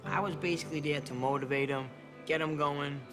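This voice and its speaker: Interview man from Massachusetts, casual rambling recollection, slightly high voice, music under it. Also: fairly even intonation, brisk. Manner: rambling storytelling with restarts and laughs. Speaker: retired boxer interviewed.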